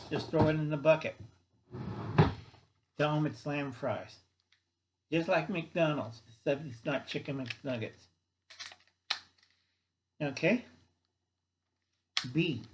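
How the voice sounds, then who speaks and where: Folksy male host with a blunt rant, slightly high voice. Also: lo-fi sound, a little hiss or hum. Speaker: channel host. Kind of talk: rambling monologue.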